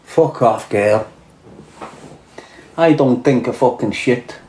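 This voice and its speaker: Scouse fella, swearing loads, cocky and blunt, roomy echoey sound. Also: male voice, medium pitch, slow, a little mellow, slight background noise. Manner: profane, blunt, swaggering storyteller. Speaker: livestream host reading chat. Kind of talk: crude casual chat. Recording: roomy echo.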